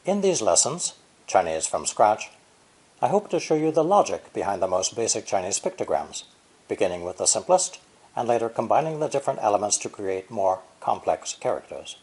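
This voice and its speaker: An older man in his sixties reads a scripted lesson in a lowish, husky voice. His pitch moves a lot as he explains, and he stresses syllables and tones with care. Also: big pitch swings, normal speed, a little mellow, rough recording. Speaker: language teacher.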